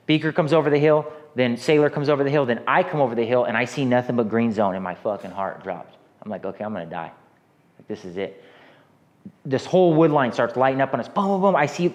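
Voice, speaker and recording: An American army veteran in his thirties, appearing as an interview guest, tells a rambling, profane war story full of restarts. His mid-range voice comes through with a lo-fi sound.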